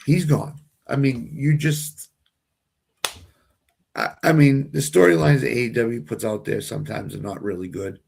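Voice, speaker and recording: A man's voice: mid-range voice, steady tone, moderate pace, vocal fry, darkish tone, slightly rough. A man with a Boston accent, co-hosting a casual sports watch-along, opinionated and often restarting his sentences. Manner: opinionated, repeats and restarts phrases. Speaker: co-host.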